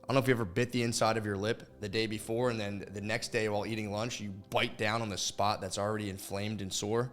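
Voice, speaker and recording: A man's voice: fairly low pitch, flat delivery, quick pace, few pauses, a bit bright, faint music behind. A man hosting a podcast, telling a meandering story casually and profanely. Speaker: podcast host. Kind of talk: rambling storytelling.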